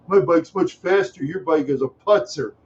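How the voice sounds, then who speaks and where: A man's voice: fairly high pitch, normal speed, darkish tone, voice pushed up, lightly acted. A man doing a bragging neighborhood kid. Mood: taunting. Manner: bragging, taunting. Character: boastful neighborhood boy. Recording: dull lo-fi recording.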